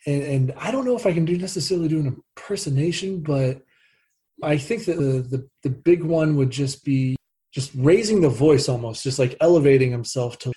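A man's voice: mid-range voice, brisk, dark tone. A man, a former college basketball player, telling stories about his coach in a hesitant way. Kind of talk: casual storytelling.

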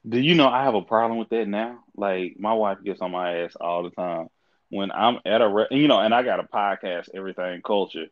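A man hosting a casual podcast, telling stories in a profane, animated way with frequent laughter. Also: on the low side, fairly quick, narrow, tinny audio. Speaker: podcast host.

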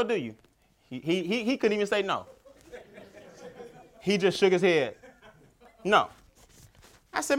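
A man giving a motivational keynote speech, telling stories with animated, emphatic repetition. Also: sits high, measured pace, pauses often. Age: adult father. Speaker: keynote speaker.

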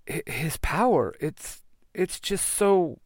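A man voicing an eager, spirited young female hero with a raised, excited voice. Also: fairly high pitch, moderate pace, no room sound, studio quality. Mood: shaken.

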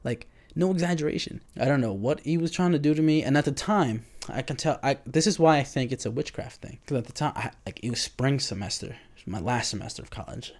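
Young man, 20s, casual storyteller; loose, profane delivery with lots of "like" and animated self-quoting. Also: mid-range voice, brisk, few pauses. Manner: loose and profane, heavy on fillers like "like"; animated, acts out his own reactions.

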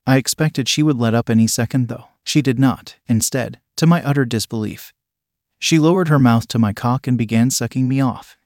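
A man narrating a first-person story in a steady, matter-of-fact reading voice. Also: mid-range voice, dry recording, studio quality.

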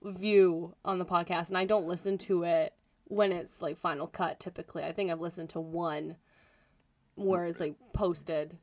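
A woman co-hosting a casual podcast, chatty and quick to laugh, her voice a bit rough from a recent cold. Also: fairly low pitch, steady tone, no echo. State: recovering from a cold. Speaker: podcast co-host and editor.

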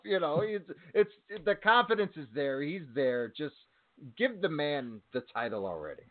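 Man, high voice, enthusiastic, laughs a lot, phone-like sound. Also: lively intonation, moderate pace. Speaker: podcast co-host. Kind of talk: casual wrestling talk. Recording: tinny phone-line audio.

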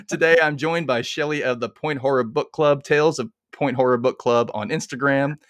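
A man's voice: medium pitch, moderate pace, a bit bright. A man hosting a book podcast, chatty and upbeat, laughing often. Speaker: podcast host. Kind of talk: casual podcast chat.

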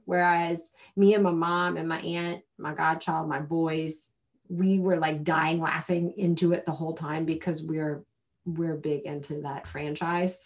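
Woman, 30s, podcast co-host, casual and animated, laughs a lot. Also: lowish voice. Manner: chatty, animated, laughs often. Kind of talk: casual chat.

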